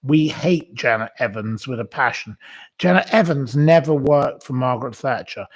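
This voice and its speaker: A man's voice: medium pitch, normal speed, husky. A man hosting a live online quiz, chatting casually, rambling and calling out viewers by name. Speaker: livestream quiz host.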